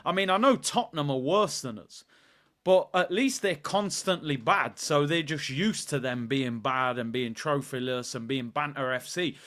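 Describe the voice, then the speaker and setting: A young man, hosting a live football watchalong and chatting in a rambling, playful way. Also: moderate pace. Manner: animated, rambling, playful, bursts into high shouts. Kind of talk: casual live-stream chat.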